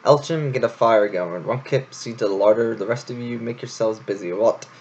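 A man's voice: mid-range voice, normal speed, a little mellow, close to an everyday voice. A man voicing a pompous, blustering male hare who leads a circus troupe, in a dull lo-fi home recording.

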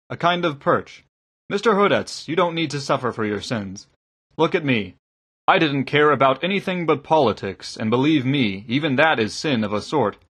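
Using a husky, mid-range voice with a gentle mood, a man reads a part aloud. The character is an earnest middle-aged man preaching to a small congregation in a gentle but fervent way.

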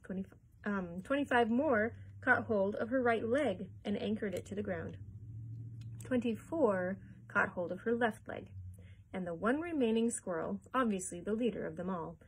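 A woman, a children's librarian, reading a chapter book aloud with expressive, animated storytelling. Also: mid-range voice, slight background noise, rough recording.

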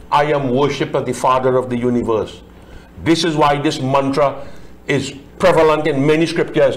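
Pandit explaining scripture. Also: male voice, mid-range voice, moderate pace. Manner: explanatory, chants verses then translates line by line. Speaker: Hindu pandit discussing scripture. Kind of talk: religious discussion, reciting Sanskrit verses.

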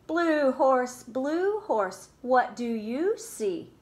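Woman, preschool teacher, storytime read-aloud, high voice, very slow and sing-song. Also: big pitch swings. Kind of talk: reading a picture book aloud to children.

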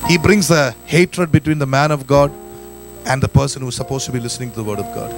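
A man's voice: medium pitch, fairly even intonation, fast talker, vocal fry, soft background music. A man preaching a sermon in church, emphatic, quoting scripture and acting out people's thoughts. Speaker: pastor.

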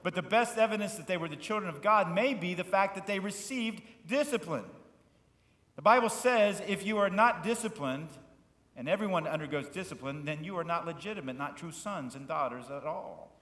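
Male pastor with a somewhat high voice, preaching fervently then dropping to soft asides, recorded in a roomy church with a long, ringing reverb. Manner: swings between loud, fervent preaching and quiet, soft asides; asks the congregation questions and invites them to repeat words. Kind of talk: sermon. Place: church sanctuary.

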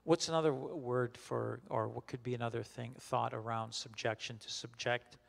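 A man leading a Bible study as a pastor, teaching in a conversational, halting way with many restarts and questions put to the group. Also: mid-range voice, steady tone, creaky, big-room sound. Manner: questions the group and repeats their answers.

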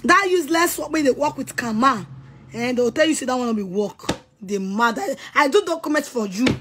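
A woman's voice: high-pitched, animated, fairly quick, a bit bright, a little hiss or hum. A woman with a Nigerian accent in an angry, insulting rant, scolding and threatening someone she speaks to directly. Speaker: person addressing someone directly.

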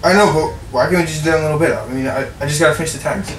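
Man, comedy sketch, reluctant, slangy, high lively voice, distant mic. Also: racing. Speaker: co-host. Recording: roomy, distant, slightly noisy home recording.

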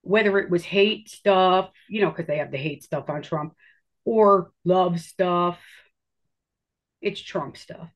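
A woman's voice: on the low side, slow pace. A woman recounts her own story in an easy, conversational way. She acts out her reactions as she goes and swears without thinking about it. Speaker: interviewee telling her story. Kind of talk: casual storytelling.

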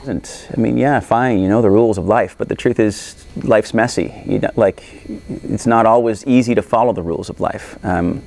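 A man speaking thoughtfully in an interview, measured and reflective. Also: lowish voice, creaky, a little mellow. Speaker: actor guest.

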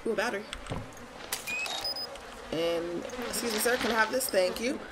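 A young woman giving casual, swear-filled commentary while playing a horror game and talking to her viewers, jumpy and quick to shriek. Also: mid-range voice, heavy background noise. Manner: chatty, swears a lot, talks to viewers; jumpy, shrieks when startled. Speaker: gaming streamer.

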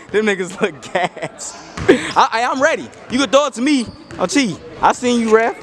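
A young man cheering a basketball team from the sideline, joking and shouting loud encouragement in an indoor gym. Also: very high-pitched, lively intonation, normal speed. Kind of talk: casual sideline banter. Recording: noisy crowded gym. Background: crowd noise and bouncing balls.

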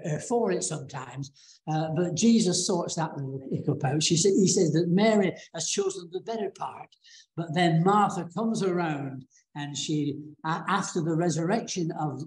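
Preacher, chatty sermon storytelling, lots of uh's and restarts, mid-pitched voice, echoey church. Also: a little mellow. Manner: colloquial storytelling with frequent fillers and restarts. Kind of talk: sermon retelling a Bible story.

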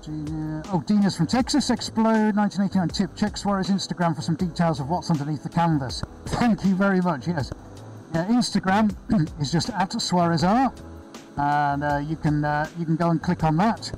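A man's voice: fairly high pitch, normal speed, darkish tone, rough recording. A man hosting a live painting stream, talking in a chatty, upbeat and rambling way with many fillers. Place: indoor studio floor with extractor fan.

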